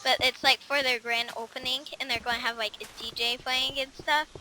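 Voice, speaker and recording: Giggly high-voiced girl chatting over game noise. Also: level tone, fairly quick, pushed and bright, rough recording. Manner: chatty and giggly, rambling with fillers. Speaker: video game let's-play host. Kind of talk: casual gaming chat.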